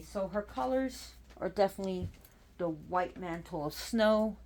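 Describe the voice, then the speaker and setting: A woman casually talking to her viewers from home in a slow, rambling way. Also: mid-range voice, lively intonation, a little hiss or hum. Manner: slow, rambling, stops to scold her pets. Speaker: pagan religion video host. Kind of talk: casual spoken talk to viewers.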